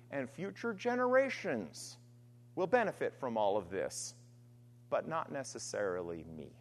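A woman preaching a sermon, earnest and emphatic, alternating forceful stress with quiet, trailing phrases. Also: fairly high pitch. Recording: long hall reverb.

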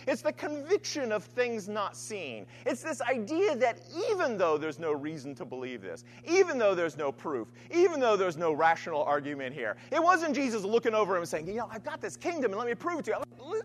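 A man's voice: high-pitched, a little hiss or hum. A man preaching a sermon in a conversational style, often checking in with "right?". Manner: conversational, keeps asking "right?"; animated storytelling.

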